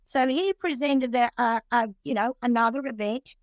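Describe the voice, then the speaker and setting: A woman's voice: fairly high pitch, fairly even intonation, no room sound. Earnest woman telling her recovery story. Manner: rambling, earnest, halting restarts. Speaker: speaker sharing recovery story. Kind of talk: personal testimony at a recovery meeting.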